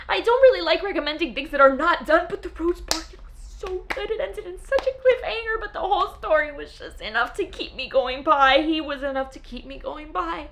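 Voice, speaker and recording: A young woman chatting casually as a book vlogger, gushing and excitable about her favorite reads. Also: high-pitched, a little fast, hardly any pauses.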